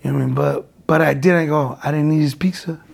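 A man in his forties speaks in a slightly high, gravelly voice. As a guest in a relaxed interview, he tells stories in a loose, rambling way, stumbling over repeated words and slipping in Spanish slang. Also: fast talker. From United States. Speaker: guest, former boxer. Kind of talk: casual interview storytelling.

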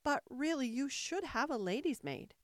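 A woman voicing Alice, a polite and curious young girl in a storybook, speaking gently and a little timidly. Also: high-pitched, lively intonation, normal speed, no echo, studio quality, voice pushed up. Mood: gentle.

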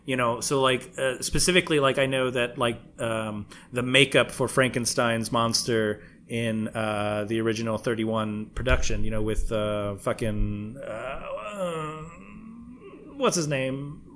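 A man's voice: mid-range voice, a little slow, fairly bright tone, slight background noise. A man co-hosting a podcast, joking, laughing often and swearing freely in casual chat. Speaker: podcast co-host.

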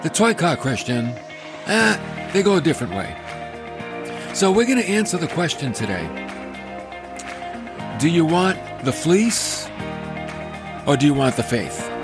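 A man hosting a radio Bible teaching from a studio, folksy and animated, with joking asides. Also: on the high side, unhurried, pauses often, music in the background. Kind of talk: radio sermon.

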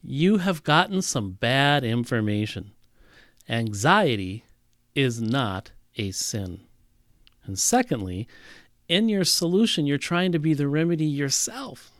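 Animated male preacher, close dry mic. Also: on the high side, no echo. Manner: animated Bible teaching with emphatic repetition. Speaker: pastor. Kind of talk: sermon.

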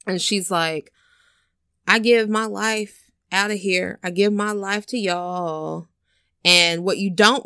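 Woman, casual chat host, lively retelling, dry sound. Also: lowish voice, no room sound. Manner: animated storytelling with swearing and acted-out quotes. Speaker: podcast co-host retelling a film.

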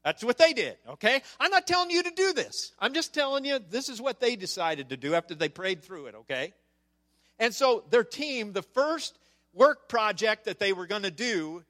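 A man telling a story in a sermon to a congregation, animated and checking in with the audience as he goes. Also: sits high. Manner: animated, with frequent "okay?" asides to the audience. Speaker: speaker on church outreach. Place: church service before a congregation.

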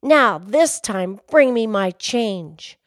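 A woman voicing a boastful swindling man who blusters loudly and indignantly. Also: mid-range voice, animated, slow, no echo, clean studio sound.

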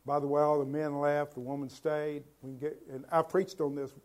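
A male pastor delivers a sermon in a somewhat high, mellow voice. He keeps turning to the congregation with rhetorical questions. He moves between loud, emphatic lines and quiet, low ones. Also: level tone, fairly quick.

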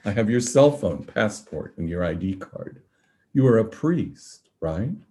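Storybook villain: a man doing a quiet, courteous older captor with a deep voice. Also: animated. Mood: calm, probing. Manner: slow, polite, measured questioning. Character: calm elderly male interrogator, soft-spoken, menacing.

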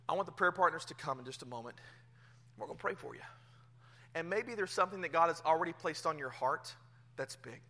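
A male pastor, around his thirties, preaching a sermon in church, telling a personal story with swings from hushed to loud. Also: fairly high pitch. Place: church sanctuary.

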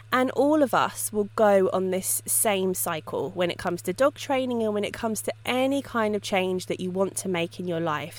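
Chatty woman podcaster. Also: mid-range voice. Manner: lively storytelling with frequent laughs. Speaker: dog trainer and podcast host. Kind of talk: casual solo podcast teaching.

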